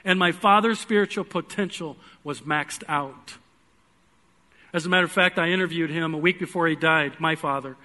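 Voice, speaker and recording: Preaching in a church, a man shares a personal story with real earnestness, alternating loud pleas with soft, hushed passages. The voice is a little high and the delivery moves at normal speed.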